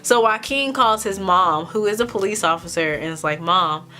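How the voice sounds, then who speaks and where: A young woman hosting her own vlog, recapping a TV episode in a casual, animated way and swearing freely. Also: medium pitch, moderate pace, a little hiss or hum. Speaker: vlog host.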